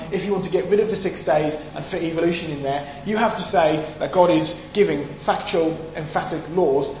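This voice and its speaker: An emphatic British preacher frequently poses questions to his listeners during a sermon. His voice is a little high for a man and a little mellow. The audio sounds roomy and echoey over a faint hum.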